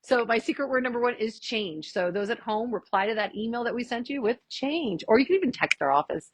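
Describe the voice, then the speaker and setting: Chiropractor woman, husky, animated presenter style, dry room. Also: a little high, dry recording. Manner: chatty, animated, quick asides and jokes. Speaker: chiropractor giving a health workshop. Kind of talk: casual lecture to a live audience.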